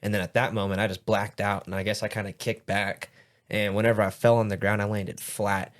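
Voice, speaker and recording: Young dude low voice rambling through stories, swears a lot, says like a ton. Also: male voice, level tone, brisk. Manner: rambling storyteller, heavy swearing, lots of "like". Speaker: podcast host. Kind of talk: casual chat.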